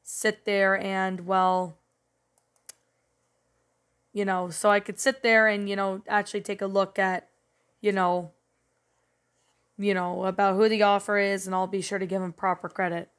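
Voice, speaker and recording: A woman hosting a spooky-story channel, giving a rambling casual review, her voice a little rough as if she is sick. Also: medium pitch, flat delivery, unhurried, long pauses. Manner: rambling, leans on "you know" and "um". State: voice rough, sounding a bit sick. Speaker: creepypasta channel host.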